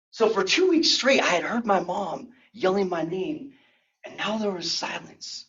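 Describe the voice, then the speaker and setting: A young man giving a humorous personal story speech at a speaking club, animated and acting out the scenes. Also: sits high, normal speed. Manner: animated, acts out scenes and sound effects. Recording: dull lo-fi recording.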